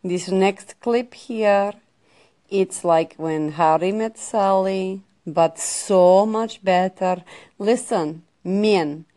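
A woman doing a purring mock-Russian radio host. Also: mid-range voice. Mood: sultry. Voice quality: theatrical, coos pet names, swoops between purring and shouting. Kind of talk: comic character radio show.

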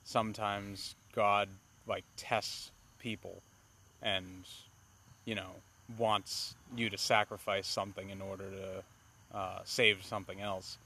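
A man's voice: low-pitched, flat delivery, takes it slowly, bright, forceful tone, husky. Profane, rambling man in casual chat. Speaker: podcast co-host. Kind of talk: casual movie review chat.

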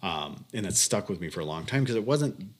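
A man's voice: deep voice, expressive, brisk, breathy edge. A young man co-hosting a podcast in laid-back casual chat, laughing often and trailing into fillers. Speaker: podcast co-host.

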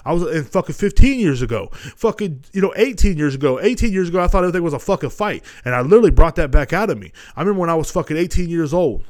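A man in his thirties hosting a solo podcast, talking in a rambling, profane monologue that swings between loud ranting and low muttering. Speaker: podcast host.

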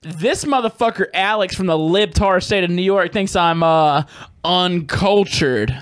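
A man's voice: sits high, normal speed, clean tone, dry recording, studio quality. A man co-hosting a podcast, telling stories in a joking, profane way. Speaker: podcast co-host. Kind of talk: casual chat.

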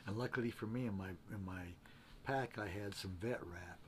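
A man with a somewhat low voice tells a personal story in an easy conversational way. He is plainspoken and earnest, and he often stumbles, repeating and restarting words as he goes. A faint hiss runs under the recording. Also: normal speed. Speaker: interview guest. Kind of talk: casual spoken storytelling.

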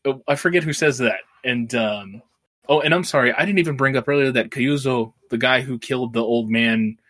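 A man's voice: medium pitch, fairly quick, fairly bright tone. A man co-hosting a podcast, casually recapping a film's plot in a rambling way, swearing and laughing as he goes. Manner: rambling, swears freely, laughs while retelling. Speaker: podcast co-host.

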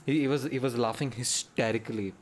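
A young man in casual chat with friends, excitable, often laughing and restarting his sentences. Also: mid-range voice, fairly quick, slight background noise.

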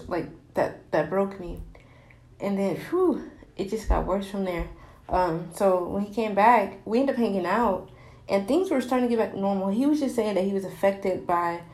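A woman's voice: medium pitch, darkish tone, reverberant. A woman in her twenties telling a candid personal story, rambling with many fillers and restarts.

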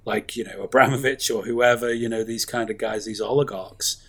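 A man's voice: medium pitch, steady tone, brisk, a bit bright, breathy edge. A man, chatting casually about films in a rambling, enthusiastic way with plenty of fillers. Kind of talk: casual film chat.

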